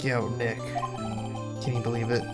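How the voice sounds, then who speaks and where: A man's voice: mid-range voice, monotone, moderate pace, natural voice. A man reading the lines of a goofy, lovesick young man from a game, in a loose everyday voice, with game music behind. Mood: grateful. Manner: read aloud in a loose everyday voice.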